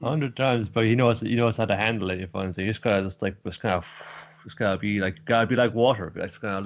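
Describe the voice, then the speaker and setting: A man's voice: on the low side, quick pace, few pauses, muffled recording. Profane, rambling man on a podcast. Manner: rambling, profane, acts out characters' lines loudly. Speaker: podcast co-host. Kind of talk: casual chat.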